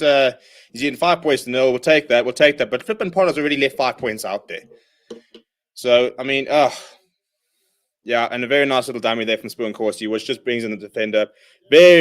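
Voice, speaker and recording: A young man hosting a live watchalong, calling the play and reading out viewer comments, and he bursts out loud at big moments. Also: mid-range voice. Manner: excitable, shouts at big plays, reads viewer comments. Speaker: host.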